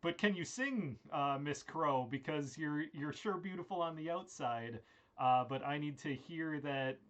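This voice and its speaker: A man voicing a sly, slinky fox in improvised comic storytelling. He talks in a smarmy, wheedling way, full of halting restarts, over a video call. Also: fairly high pitch, a bit bright, highs cut off. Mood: flattering. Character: sly, flattering male fox.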